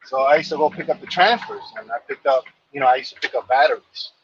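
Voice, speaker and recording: A man's voice: medium pitch, quick pace, muffled recording, slight background noise. Man from New York telling a rambling story. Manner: rambling, many fillers and repeated phrases. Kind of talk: casual storytelling.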